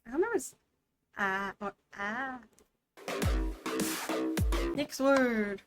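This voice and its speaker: Giggly high-voiced woman teaching, slow. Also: over music. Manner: playful, giggly, chatty. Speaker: VTuber language teacher. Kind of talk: casual streamed lesson while gaming.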